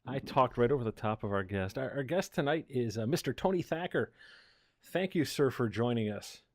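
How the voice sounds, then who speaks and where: A man's voice: medium pitch, lively intonation, normal speed, a little mellow. A man hosting a podcast, casual and teasing with his guest. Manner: joking, teasing. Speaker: podcast host. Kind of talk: casual chat.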